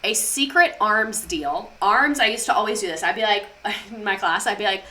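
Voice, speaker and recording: A woman's voice: medium pitch, normal speed, few pauses, pushed and bright. A young woman streaming, chatting casually and swearing freely as she drifts off on tangents. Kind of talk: casual chat, live stream.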